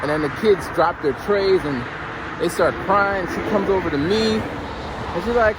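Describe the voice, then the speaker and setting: A man chatting casually in a vlog while outdoors in the cold, rambling through animated stories with stammered restarts about his school lunchroom duty. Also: high-pitched, moderate pace, noisy background. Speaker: vlogger who works lunchroom duty at a school. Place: outdoors in cold weather, near a bridge.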